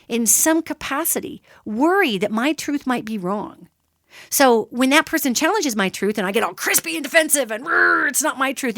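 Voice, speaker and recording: A woman's voice: on the high side, dry recording, clean studio sound. A woman hosting a solo radio talk show, explaining ideas in an emphatic, conversational way and addressing listeners directly. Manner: animated, emphatic, conversational teaching.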